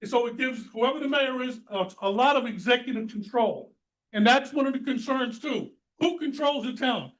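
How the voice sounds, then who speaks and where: A man's voice: very high voice, moderate pace, a bit bright, poor audio. A man speaking at a town council meeting's public comment, blunt and folksy, repeating his points for emphasis.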